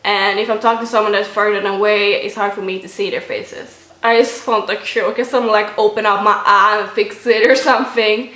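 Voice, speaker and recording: A woman's voice: medium pitch, steady tone, fairly quick, hardly any pauses, bright, forceful tone. A woman in her twenties with a Swedish accent, talking to camera in a casual, chatty way full of fillers. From Sweden. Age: 20s. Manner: chatty, many fillers like "like" and "you know". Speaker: vlogger. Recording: roomy echo.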